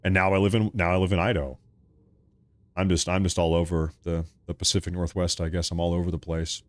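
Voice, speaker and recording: A man's voice: low-pitched, fast talker, no room sound. Joking man hosting a live political stream. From Oregon. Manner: joking, animated rants, laughs often. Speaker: political livestream host.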